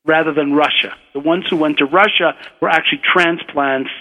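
An older man from Brooklyn spins a relaxed, wry anecdote in an unhurried, conversational way. His voice sits a little high for a man. The sound is a dull radio broadcast with a long reverb around it. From Brooklyn, USA. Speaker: physician and author guest. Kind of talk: anecdotal storytelling.

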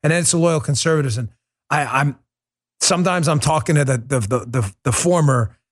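A middle-aged man hosting a political commentary show, swinging between quiet apology and loud indignation. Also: a little high, brisk. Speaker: podcast host.

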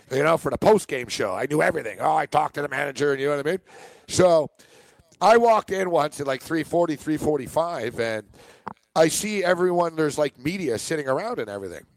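A man hosting a sports podcast, telling stories in an animated, chatty way and laughing along. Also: fairly high pitch, brisk, gravelly, dry recording. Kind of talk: casual sports chat.

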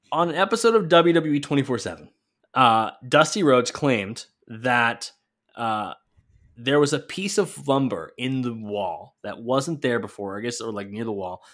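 A man hosting a podcast, telling a story in an animated, profane, casual way. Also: medium pitch, moderate pace. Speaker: podcast host. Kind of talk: casual chat.

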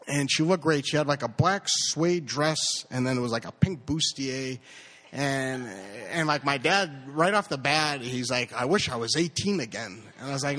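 Male live storyteller, slightly high pitch, stammering, nervy energy. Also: fairly quick. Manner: stammering, repeats words, animated impressions.

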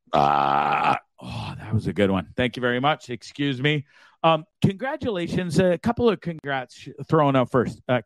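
Canadian-born male host, profane blustery rant with shouted bursts, dry sound. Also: a little high, no echo. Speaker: show host. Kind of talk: ranting live show monologue.

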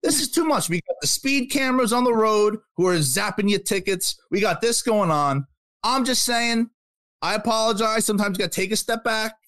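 Animated man telling a story on talk radio. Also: sits high, no room sound. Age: 30s. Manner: animated, quick storyteller who gets worked up. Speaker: radio show co-host.

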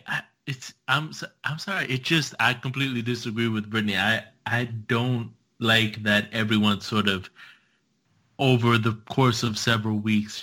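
Guy on a fan podcast disagreeing, kinda low voice but bright, keeps restarting. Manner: argumentative, critical, stumbling restarts. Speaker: podcast co-host. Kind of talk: casual fan discussion.

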